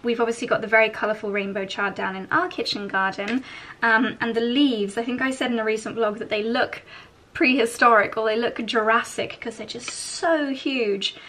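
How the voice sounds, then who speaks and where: A woman's voice: on the high side, fairly even intonation, moderate pace, sharp tone, slight background noise. A woman in her thirties chatting to camera in a bubbly, giggly morning vlog at home. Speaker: fashion vlogger.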